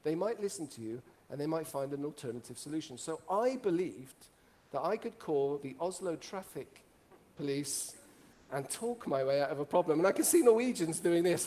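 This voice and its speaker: A middle-aged man with a rather high-pitched voice tells lively stories to a room full of listeners. He jokes and quizzes the audience as he goes, in an animated, playful manner. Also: a little fast. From Italy. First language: Italian. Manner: animated and joking, asks the audience questions. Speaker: speaker. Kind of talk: storytelling talk to a live audience.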